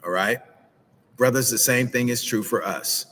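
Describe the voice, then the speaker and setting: A man coaching couples in a lively, preacher-like way on a live stream, speaking into a phone outdoors by a pool. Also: mid-range voice, moderate pace, low-quality recording. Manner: animated preacher-like delivery with church phrasing. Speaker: relationship coach. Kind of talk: live-streamed advice talk.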